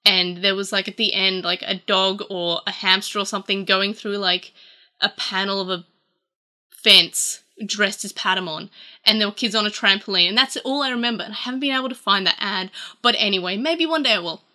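A woman's voice: medium pitch, fairly quick, sharp tone. A woman with an Australian accent, hosting her channel in a rambling, casual vlog chat full of "like" fillers. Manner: rambling, chatty, lots of "like" fillers. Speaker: channel host. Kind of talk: casual vlog talk to camera.

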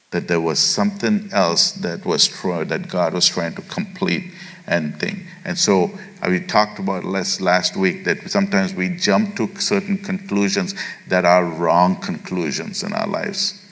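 A man preaching a sermon as pastor, retelling a scripture story with acted quotes and frequent halting restarts. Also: sits low, fairly bright tone, long reverb tail. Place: church sanctuary.

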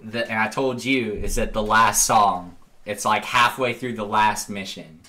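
A young man guesting on a casual podcast, excitedly retelling game moments and acting out the characters' lines. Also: on the low side, unhurried. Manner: animated storytelling, acting out game lines with laughs.

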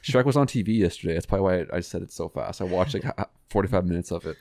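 Low-voiced young man, casual podcast chat. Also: animated, very fast, gravelly, mellow. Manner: laid-back, swears freely. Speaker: podcast co-host.

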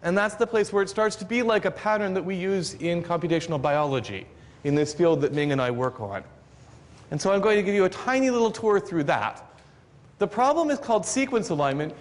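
A man with a high-pitched voice explains his subject step by step to a room of listeners, adding a little dry humor along the way. His words ring out with the long reverb of a lecture hall. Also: animated, brisk. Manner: explanatory, lightly joking. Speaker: professor. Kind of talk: university outreach lecture.

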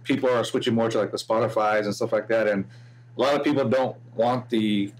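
A man's voice: fairly low pitch, steady tone, a little fast. A middle-aged man, a DJ being interviewed, talking in an easygoing, casual way with lots of "you know" fillers. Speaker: DJ guest.

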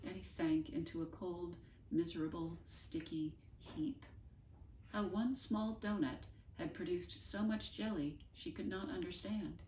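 Woman reading a kids book out loud, low-ish voice, mic far away. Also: a little slow, a little hiss or hum. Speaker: storyteller. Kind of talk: reading a children's book aloud. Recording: roomy, distant mic.

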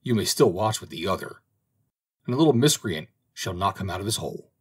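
Drowsy female owl sentinel, mutters to herself, husky, male narrator. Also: deep voice, sing-song, a little fast, heavily acted. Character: tired female owl guarding a hole.

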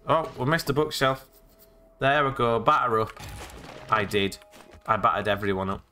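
A man's voice: fairly high pitch, expressive, normal speed, sharp tone. A man doing jokey, rambling let's-play commentary with sudden exclamations as he plays. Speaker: gaming let's-play host. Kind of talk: casual gameplay commentary.

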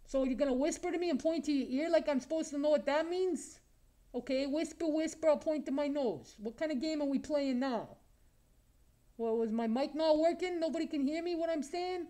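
A man's voice: very high-pitched, a little fast, warm tone. A man voicing a crude, lonely, self-admiring male creature with razor teeth, taunting strangers in an improvised comedy video chat. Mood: mocking.

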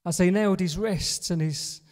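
A man preaching a sermon in church, earnest, repeating a solemn refrain and often dropping to a softer voice. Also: high voice, normal speed. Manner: earnest, repeating a refrain with drops to a soft hush. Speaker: pastor. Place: church hall. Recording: long reverb of a church hall.

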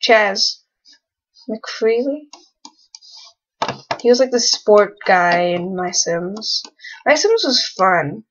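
A woman's voice: mid-range voice, lively intonation, extremely slow, pauses often, muffled recording. A young woman casually commenting on a life-sim game she is playing and talking to its characters in a teasing way. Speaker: let's play gamer.

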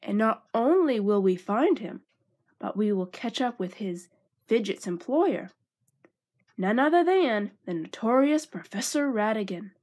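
A proud, puffed-up gentleman mouse detective, as a woman reading aloud puts him on. He speaks in an eager, theatrical way, slightly high. A storybook reading. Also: lively intonation, unhurried. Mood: boastful.

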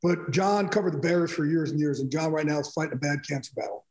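In an echoey room, a middle-aged sports broadcaster appearing as a guest tells animated stories in a casual interview, re-enacting conversations in quotes. He talks fast, and his voice is on the high side.

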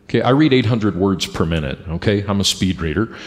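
A middle-aged man preaching a sermon as pastor, talking in a lively, conversational way and putting questions to the congregation. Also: on the low side, brisk. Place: church sanctuary with congregation. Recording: long church hall reverb.

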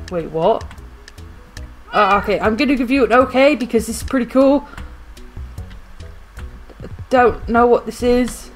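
A woman's voice: on the high side, unhurried, pauses often, soft background music. A woman commentating on her own video game play, rambling to herself and often getting flustered and panicky. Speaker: gaming video host. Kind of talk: live gameplay commentary.

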